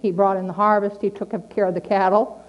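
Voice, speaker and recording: Preaching earnestly and plainly, a middle-aged woman slowly repeats her main lines for emphasis. She speaks in a mid-range voice with a flat delivery, and the recording is muffled.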